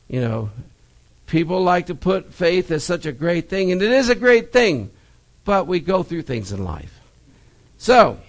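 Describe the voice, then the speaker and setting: A man's voice: high voice, low-quality recording. A man preaching a sermon and Bible study in a church, telling stories with lots of animation and repeating key phrases for stress. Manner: animated storytelling, stressed repetitions.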